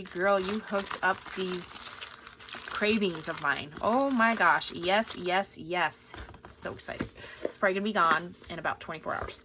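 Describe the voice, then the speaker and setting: A woman hosting a casual crafting unboxing, excited and gushing, with frequent fillers. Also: mid-range voice, slight background noise. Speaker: crafting channel host.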